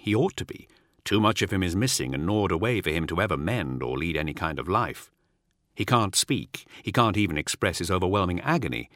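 A man narrating an audiobook in a measured, dramatic storytelling manner. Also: deep voice, fairly bright tone, no room sound, studio quality.

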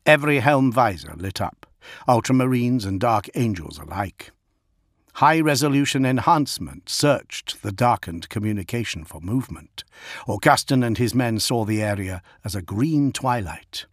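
A man narrating an audiobook in a low, steady, grave voice. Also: moderate pace, no echo, studio quality. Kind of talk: dramatic scripted narration.

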